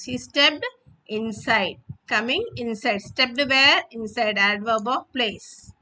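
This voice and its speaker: A woman with a high, bright voice, teaching a class. She goes through textbook exercises patiently and poses questions, then answers them herself. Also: low-quality recording. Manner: patient, repeats and rephrases, asks and answers her own questions. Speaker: English teacher. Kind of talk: explaining textbook exercises to students.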